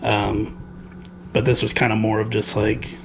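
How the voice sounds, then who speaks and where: A man's voice: on the low side, flat delivery, measured pace, creaky, noisy background. A man co-hosting a casual game review podcast, rambling with many fillers and frequent laughs. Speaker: podcast co-host.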